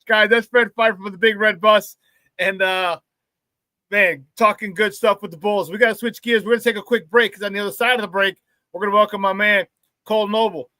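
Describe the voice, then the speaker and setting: A sports talk host with a high, sharp, bright voice, heard close and dry. He talks fast and gets worked up, tripping over his words and repeating them as the excitement builds. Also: dry recording. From Chicago area. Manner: fired-up, excitable, repeats words when animated. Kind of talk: casual sports radio talk.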